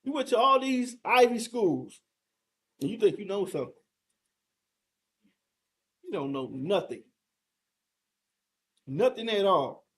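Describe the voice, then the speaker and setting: Big swings in pitch mark this high-voiced male teacher as he slowly works through a fiery scripture lesson, leaving long pauses. His tone is fairly bright, and he is forceful and combative, hitting the audience with rhetorical questions and an occasional swear word.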